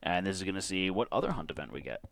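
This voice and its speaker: A man's voice: sits low, racing, creaky, dry recording. A man co-hosting a streamed board game night, reading event cards aloud and teasing his friend in casual chat. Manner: lively, reads rules aloud, teasing.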